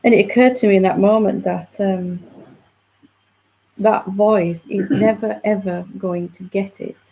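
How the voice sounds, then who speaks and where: A woman's voice: mid-range voice, fairly even intonation, unhurried. A woman spiritual teacher patiently explaining to a student in a reflective satsang dialogue. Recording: dull lo-fi audio.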